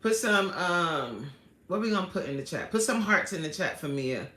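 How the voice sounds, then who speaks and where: A woman hosting a casual livestream, chatting with viewers and reading out their comments in animated, slangy talk, laughing often. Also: fairly low pitch, moderate pace. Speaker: livestream host. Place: indoor room at home. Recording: roomy echo.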